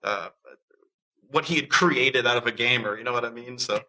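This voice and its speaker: A man telling a story in a casual, animated way, acting out the voices of people he quotes and often restarting his sentences. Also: mid-range voice, moderate pace, low-quality recording. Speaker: interviewee.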